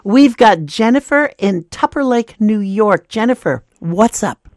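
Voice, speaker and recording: A woman's voice: mid-range voice, a little slow, dry recording, clean studio sound. A woman hosting a radio call-in cooking show, encouraging callers and laughing easily. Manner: warm laughter, encouraging, expressive.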